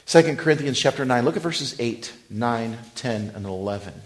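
A man preaching a sermon as a pastor, swinging between loud emphatic lines and hushed whispers, and reading scripture slowly. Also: medium pitch, animated.

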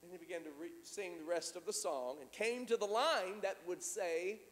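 A man's voice: high voice, normal speed, hardly any pauses, in a large hall. A man preaching a sermon, telling a story and acting out the dialogue, often repeating words as he goes. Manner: animated, repeats words, acts out quoted dialogue.

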